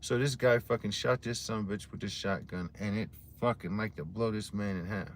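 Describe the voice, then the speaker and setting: A man's voice: fairly low pitch, a little fast, a little hiss or hum. A man casually telling stories to his livestream audience in a rambling, heavily profane way while drinking a beer. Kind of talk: casual storytelling chat to a live audience.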